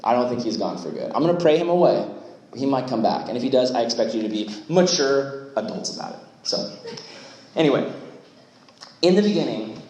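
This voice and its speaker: A man's voice: mid-range voice, lively intonation, a little fast, darkish tone. A young adult man giving a casual, jokey youth sermon as youth pastor, acting out quotes along the way. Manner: chatty, jokey, acts out quotes. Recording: very echoey room.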